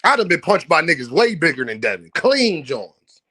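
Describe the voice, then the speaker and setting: A man's voice: on the high side, sing-song, moderate pace, sharp tone, slightly rough, dry recording, clean studio sound. A man hosting a boxing livestream, ranting at his viewers in a brash, profane, mocking way. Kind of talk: heated livestream rant at viewers.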